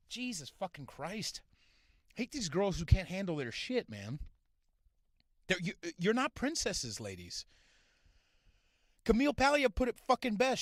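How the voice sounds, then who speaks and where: A man hosting his own show, ranting crudely with a lively, leaping pitch. His voice sits fairly high for a man and sounds dry and close. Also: dry recording. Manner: crude, swings from mumbling to shouting. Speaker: podcast host. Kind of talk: profane ranting monologue.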